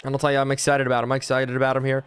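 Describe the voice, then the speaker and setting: Hyped young guy calling plays on stream, reads chat, yells on big plays. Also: medium pitch, racing, clear, resonant tone. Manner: excitable, shouting on big plays, thanks viewers. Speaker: game streamer. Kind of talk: live video game play-by-play with chat reading.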